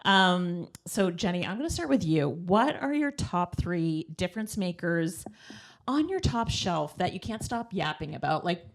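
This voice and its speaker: A woman's voice: on the low side, very animated, unhurried, gravelly, slight background noise. A woman hosting a live podcast, putting upbeat questions to her guests. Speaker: podcast host.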